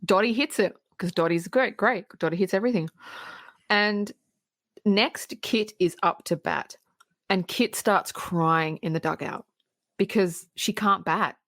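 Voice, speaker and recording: Woman podcast host, animated casual film recap, mid-range voice, dry close mic. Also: mid-range voice, a little slow, no echo. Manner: animated retelling, laughing, acting out quotes.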